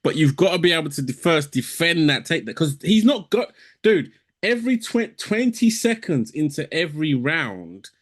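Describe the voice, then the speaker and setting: A young man co-hosting a casual podcast, his voice sitting a little high. He teases his co-host, laughs easily and builds his points in long, winding explanations. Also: big pitch swings, normal speed. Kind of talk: casual banter.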